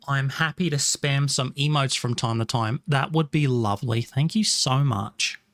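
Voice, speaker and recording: Live streaming from a small room at home, an Englishman with an English accent talks casually with viewers. He thanks them by name, apologizes a lot and restarts his sentences, in a mid-range, slightly bright voice at a moderate pace with no echo.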